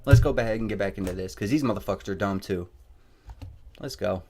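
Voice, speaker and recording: A man's voice: on the low side, fairly quick, dark tone, slight background noise. A man giving profane, angry reaction commentary on a video, mocking and swearing constantly.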